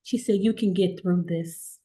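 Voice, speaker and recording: A middle-aged woman guest telling her story in a relaxed conversational way, acting out the voices of the people she quotes. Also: on the low side, unhurried. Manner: animated, acts out quoted dialogue.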